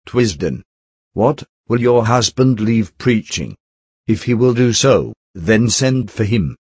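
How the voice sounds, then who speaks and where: Man, husky, lowish voice, dry close sound, measured audiobook narration. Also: no room sound. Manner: steady, measured reading, with speaker tags read aloud. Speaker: audiobook reader. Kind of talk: scripted narration of an old text.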